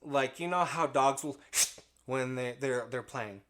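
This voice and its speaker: A man's voice: mid-range voice, slow pace, a bit bright, slight background noise. A man co-hosting a casual podcast chat, talking close to the mic in a rambling, hesitant way with many restarts. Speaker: podcast co-host.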